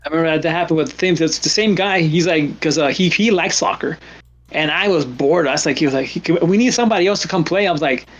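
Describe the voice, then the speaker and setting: A man's voice: a little high, brisk, fairly bright tone, muffled recording. A man hosting a casual stream, animatedly telling funny stories and acting out his friends' lines. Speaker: stream host. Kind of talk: casual storytelling.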